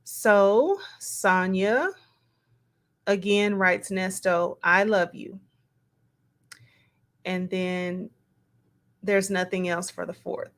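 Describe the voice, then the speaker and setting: A woman reads text messages out loud at an unhurried pace. Her pitch sits in a middle range. She stops between the quoted lines to muse and add plain, casual remarks of her own. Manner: slow, musing, reads quotes aloud with asides. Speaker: commentator reading text messages. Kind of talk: casual read-aloud commentary.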